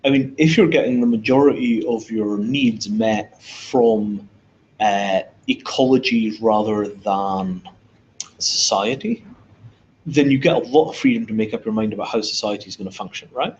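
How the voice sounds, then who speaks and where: A man's voice: fairly low pitch, moderate pace, a little mellow. A man from Scotland with a Scottish accent, speaking bluntly and emphatically in a casual panel discussion, swearing freely. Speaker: invited speaker. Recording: dull lo-fi audio with faint noise.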